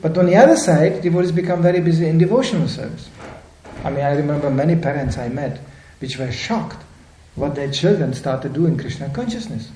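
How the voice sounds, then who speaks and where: Animated older man lecturing in an echoey room. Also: fairly high pitch, fairly quick, slight background noise. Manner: animated storytelling, acting out voices in quotes. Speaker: spiritual teacher.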